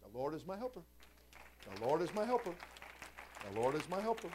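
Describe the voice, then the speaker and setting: A man preaching a sermon as pastor, shifting from quiet, folksy talk to loud, shouted preaching. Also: on the high side, big pitch swings, brisk, a crowd in the background, background noise. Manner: conversational, folksy asides.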